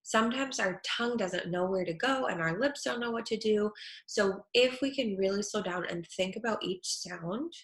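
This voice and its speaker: A woman speech therapist teaching children at home, saying each word slowly and clearly. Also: mid-range voice. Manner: slow, clear over-articulation of words. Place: her home kitchen. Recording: echoey room.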